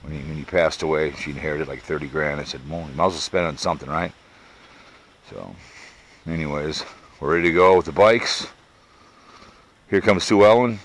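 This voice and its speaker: A man's voice: extremely low pitch, fairly quick, long pauses. A man from Minnesota rambling casually in a vlog, recorded on a sunglasses camera mic outdoors, with audible heavy breathing and fillers. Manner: rambling, easygoing, trails off with fillers. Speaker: vlogger. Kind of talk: casual product review vlog. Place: outdoors in a backyard.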